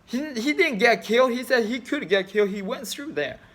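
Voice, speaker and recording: A man in his thirties from China, a fan, speaks non-native English with a Chinese accent in a very high, slightly bright voice, with lively intonation and a somewhat fast pace. In an emotional personal vlog, he rambles about his grief, swearing often and using broken phrasing.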